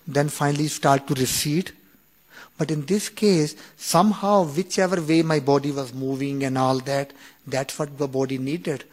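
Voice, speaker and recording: A man in his fifties telling a personal story, halting and full of restarts, acting out the quoted dialogue. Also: a little high. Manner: animated retelling with acted-out quoted dialogue; halting, with many restarts and "you know". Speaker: speaker sharing a personal story.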